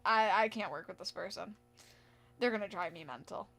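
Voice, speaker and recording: A woman's voice: medium pitch, normal speed, a bit bright, faint music behind. A young woman streaming a game and telling a rambling, exasperated story about work, full of restarts and fillers. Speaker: live streamer. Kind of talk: casual storytelling while gaming.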